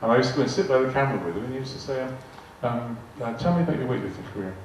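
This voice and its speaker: A man's voice: mid-range voice, animated, very fast. An older man telling rambling anecdotes to a live audience, often repeating words and acting out quoted dialogue. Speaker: guest speaker telling anecdotes. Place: large arts hall. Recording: echoey hall, distant mic, faint noise. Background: audience laughter.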